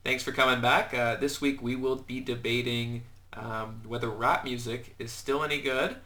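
A young man hosting a casual podcast with a bright, somewhat tense tone. His pitch stays flat and even as he jokes and teases his co-host with quick asides. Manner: joking, teasing, quick asides. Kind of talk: casual chat.

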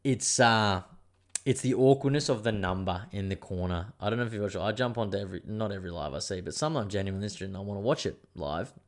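A young man with a somewhat low voice talks through a loose, wandering monologue as host of his own show. He drifts off topic often and swears without a second thought. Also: fast. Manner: rambling, digressive, swears freely. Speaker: podcast host. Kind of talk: casual monologue.

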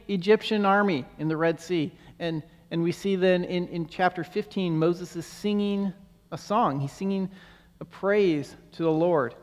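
A man giving a Bible teaching in an earnest, conversational way, often repeating words as he searches for the phrasing. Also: sits high. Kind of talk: sermon teaching. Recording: long hall reverb.

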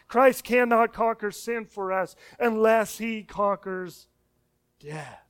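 Man preaching, high voice, smooth and clear, emphatic, drops to a hush. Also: slow. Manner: repeats words and restarts when speeding up. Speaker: pastor. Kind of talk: sermon.

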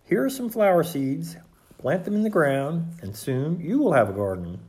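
A reader doing a gentle, patient frog. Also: medium pitch, sing-song, normal speed, pitched above the performer's own voice, lightly acted. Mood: reassuring. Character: calm kindly male frog friend. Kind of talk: storybook read-aloud.

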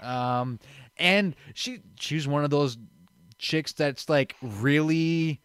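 A man's voice: fairly high pitch, slow, fairly bright tone, smooth, no echo. Rambling young man telling a story. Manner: rambling, many fillers and restarts, acts out quotes. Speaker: storyteller guest. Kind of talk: casual storytelling.

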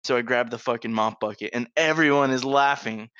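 A man's voice: medium pitch, brisk, a bit bright. A man co-hosting a podcast, casually telling a profane school story and laughing through it. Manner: laid-back, profane, laughs through his stories. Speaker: podcast co-host. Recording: dry, slightly dull sound.

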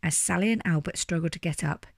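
A woman reading a children's story aloud with lively, animated delivery. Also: lowish voice, quick pace, creaky, no room sound, clean studio sound. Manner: animated, doing character voices. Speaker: storybook reader.

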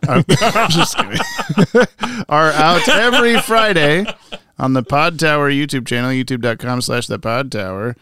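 A man's voice: mid-range voice, bright, forceful tone, clear, resonant tone, no room sound. A man co-hosting a podcast, chatting casually and teasing with frequent laughs. His voice sits in a middle range and sounds dry and close, with no room around it. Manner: joking, laughs often, teasing. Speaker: podcast co-host.

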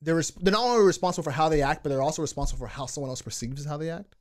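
A man's voice: a little high, very fast. A young man co-hosting a podcast, chatting casually with frequent restarts and questions. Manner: hesitant, restarts often, asks for clarification; laughs while telling stories. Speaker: podcast co-host. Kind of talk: casual discussion.

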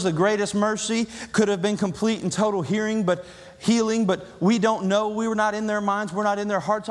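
A man's voice: high voice, in a large hall. A man with a Southern American accent preaching a sermon as pastor, with impassioned, repetitive build-ups. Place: church sanctuary.

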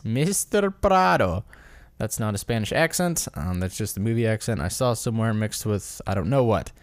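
A man's voice: lowish voice, lively intonation, a little fast, no room sound. Rambling man, dry close sound. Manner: rambling, self-correcting, stumbles over names. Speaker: podcast host. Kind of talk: casual solo commentary.

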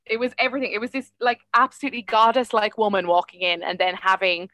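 A young Irish woman chatting enthusiastically as a podcast guest, telling animated stories. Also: mid-range voice, quick pace, dry recording. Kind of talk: casual chat.

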